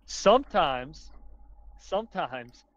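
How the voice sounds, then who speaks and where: A man's voice: on the high side, expressive, slow. A man from the Carolinas with a mild Southern accent, a podcast guest rambling through exasperated stories with frequent laughs. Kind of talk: casual chat. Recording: dull lo-fi voice chat audio.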